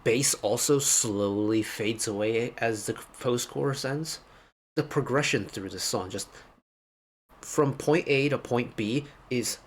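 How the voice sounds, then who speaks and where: A man with a medium-pitched voice talks through a song in a relaxed, casual way. He is eager and attentive to small details as he hosts his music reaction video. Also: slow pace, husky. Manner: enthusiastic, detail-focused.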